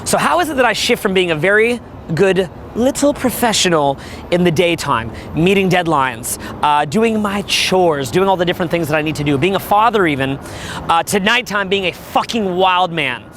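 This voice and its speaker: A middle-aged man with a worn, rough voice, giving a blunt, profane, animated coaching monologue about dating. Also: high voice, moderate pace, slight background noise. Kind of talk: motivational monologue.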